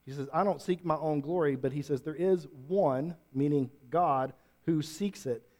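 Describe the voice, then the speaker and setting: A man preaching a sermon to a congregation, moving from quiet reflection to loud, emphatic peaks. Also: on the high side, normal speed. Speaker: pastor. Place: church room with congregation.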